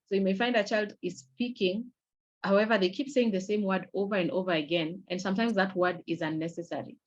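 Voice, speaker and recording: A middle-aged woman giving an online awareness lecture in a measured, explanatory way, pausing often on fillers and restarting her sentences. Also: mid-range voice, fairly even intonation, muffled recording, a little hiss or hum. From Kenya. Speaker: webinar presenter. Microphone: video call.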